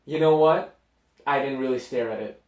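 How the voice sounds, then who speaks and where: A man's voice: medium pitch, lo-fi sound. Chatty man podcaster in an echoey room. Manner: animated storyteller, quick asides. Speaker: podcast co-host. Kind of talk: casual chat. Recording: roomy echo, mic at a distance.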